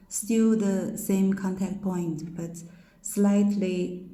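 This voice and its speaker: A woman's voice: on the low side, flat delivery, drawn-out words, pauses often, warm tone, roomy sound, rough recording. A woman teaching a pronunciation lesson, explaining each sound and repeating syllables for the learner to copy. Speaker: language teacher.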